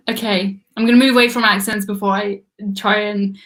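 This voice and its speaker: An English woman with a mid-range, fairly bright voice hosts a live trivia stream. She chats casually and laughs a lot while reading viewer comments.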